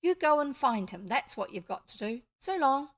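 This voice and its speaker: A woman's voice: high-pitched, big pitch swings, normal speed, voice pushed up. A woman voicing a bold, scornful boy from an earlier century. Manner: confident, scornful.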